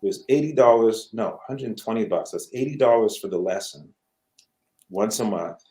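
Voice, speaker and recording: Animated storyteller man, lowish voice, echoey room. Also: moderate pace. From Canada. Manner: animated, acts out quoted voices. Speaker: guest musician. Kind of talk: conversational storytelling.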